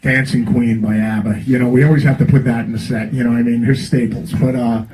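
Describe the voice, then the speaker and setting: A man's voice: mid-range voice, steady tone, brisk, darkish tone, slight background noise, rough recording. A man, the guest musician at a Q&A, telling rambling stories full of fillers and laughter. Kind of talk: casual storytelling to an audience. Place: record store event.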